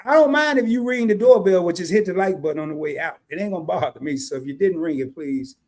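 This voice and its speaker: A man's voice: sits high, fast, a little mellow. Laid-back slangy man hosting a live stream. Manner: laid-back, slangy, talks to viewers directly. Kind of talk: casual live stream chat.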